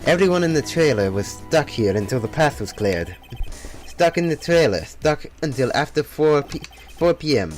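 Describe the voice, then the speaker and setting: A man's voice: a little high, sing-song, moderate pace, a little mellow, faint music behind. A man voicing a brusque middle-aged female TV producer, with terse, clipped lines and a loose attempt at an Italian accent.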